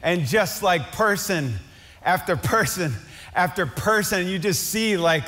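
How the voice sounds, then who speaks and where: A man preaching a sermon as pastor, swinging from loud, fervent climaxes to quiet, conversational asides. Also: high-pitched, expressive, unhurried. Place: large church hall. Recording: long hall reverb.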